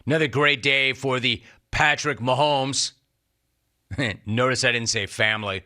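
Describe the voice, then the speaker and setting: With a mid-range, steady and sharp voice, a middle-aged sports radio host takes his time. He delivers a sarcastic, emphatic monologue and hammers points by repeating lines.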